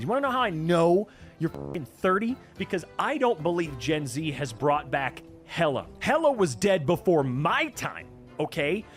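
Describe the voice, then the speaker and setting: A man reacting to posts in a casual stream, his pitch leaping up and down as he mocks and swears. His voice sits a touch high for a man, and soft music plays faintly behind him. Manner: animated, swearing, sarcastic asides.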